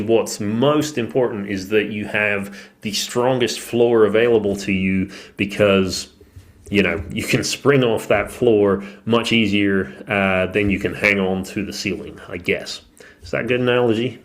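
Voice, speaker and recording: A man with a slightly low voice that is wearing thin, as though he is losing it, talks through ideas on a solo podcast. He thinks aloud in a loose, conversational way, leaning on fillers as he works through his points. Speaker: podcast host and movement coach. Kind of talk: casual solo podcast talk.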